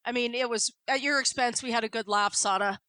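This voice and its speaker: A woman hosting a podcast interview, retelling a bench story as an animated storyteller. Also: a little high, fairly quick, clear, resonant tone, no echo. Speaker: podcast host and coach. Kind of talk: conversational interview.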